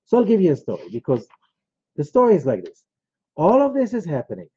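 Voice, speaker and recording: A brisk, husky, warm male voice sits a little high and swings hugely in pitch. The man is a rabbi teaching conversationally, telling personal stories with lots of digressions in an informal lecture. It's a dull, lo-fi recording with no room sound.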